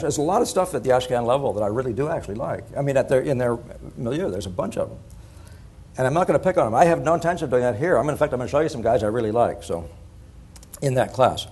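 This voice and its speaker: A middle-aged man giving a conference talk in an animated, digressive way, laughing at his own points. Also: mid-range voice, quick pace, slightly rough. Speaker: conference speaker. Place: conference hall.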